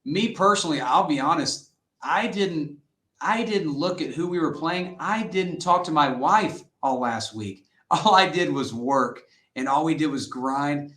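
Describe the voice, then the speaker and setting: A middle-aged man, a high school football head coach, telling stories in an interview in an earnest, lively way and acting out the quotes he tells. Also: normal speed. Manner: earnest, animated storyteller who acts out quotes. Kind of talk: interview guest storytelling. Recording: roomy echoey sound.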